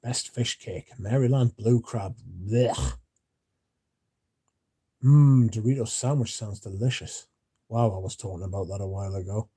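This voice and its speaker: This man's voice is lowish, dark, and slightly rough, with fairly even intonation and a moderate pace. Hosting a livestream, he reads chat and talks casually, drowsy and rambling, with yawns and occasional mumbling.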